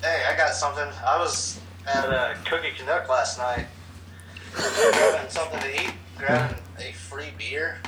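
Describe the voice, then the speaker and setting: A man's voice: medium pitch, steady tone, normal speed, distant mic, very noisy. A man guesting on a podcast, telling a crude anecdote in casual chat. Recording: roomy, off-mic, crowd behind.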